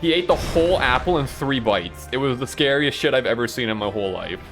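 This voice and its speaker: While streaming a game, a man tells meandering stories about school, laughing a lot and saying "like" constantly. His medium-pitched voice is animated, fairly quick and a little bright, with faint music playing behind him.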